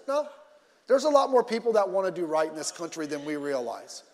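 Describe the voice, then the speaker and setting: A male pastor preaching a sermon in an animated way, repeating himself and swinging between loud and soft. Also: high voice, brisk, in a large hall.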